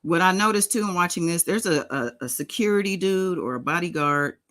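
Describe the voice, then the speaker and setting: A woman's voice: fairly low pitch, expressive, brisk, fairly bright tone, poor audio. A woman hosting a casual live stream in a sing-songy voice, greeting her chat members by name. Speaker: livestream host.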